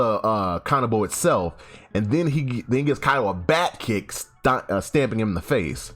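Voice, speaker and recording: A man giving a casual, animated comic recap, swearing freely and often restarting his sentences. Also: medium pitch. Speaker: YouTube host. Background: faint background music.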